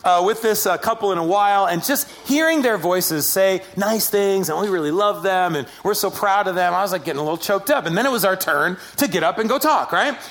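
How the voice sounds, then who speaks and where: High-voiced man preaching a sermon. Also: a little fast, hardly any pauses. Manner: animated storytelling with self-deprecating humor. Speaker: pastor.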